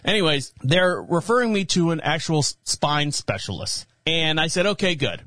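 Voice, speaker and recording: A middle-aged man hosting a radio show, telling a personal story in a casual, animated way, laughing and acting out other people's voices. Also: on the high side, normal speed, no echo.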